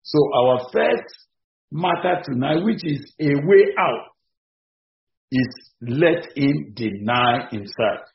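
A man preaching an evening sermon in an emphatic, repetitive way, with sudden rises in pitch and loudness. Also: expressive, slow pace, vocal fry. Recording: echoey, dull-sounding room recording.

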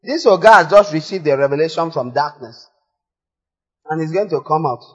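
A man preaching a sermon in a church, animated, moving from quiet asides to loud exclamations. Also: fairly high pitch, normal speed. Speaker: pastor. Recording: echoey hall, slightly dull sound.

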